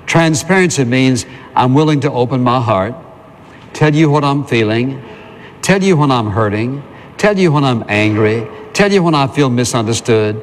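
In a large hall with a little hiss or hum, a male pastor gives a chatty sermon, asking the congregation questions he then answers. His voice sits at medium pitch.

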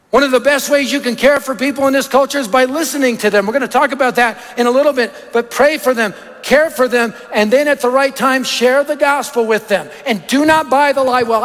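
A man preaching a sermon in a very high voice. He tells stories and drives his points home with short, punchy lists. The sound carries a long hall reverb. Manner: animated, anecdotal, punchy lists. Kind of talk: sermon with storytelling. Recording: echoey hall.

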